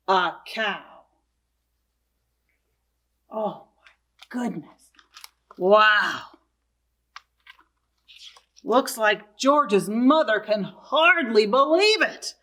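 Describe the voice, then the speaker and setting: A woman librarian reading a picture book aloud to young children, expressive and asking them questions. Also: fairly high pitch. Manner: slow, sing-song and expressive, asking young listeners questions.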